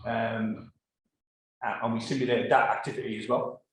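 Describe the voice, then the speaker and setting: A man's voice: medium pitch, level tone, normal speed. A man telling a work story to a live audience in a rambling way, full of fillers and restarts. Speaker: conference speaker. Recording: very echoey room.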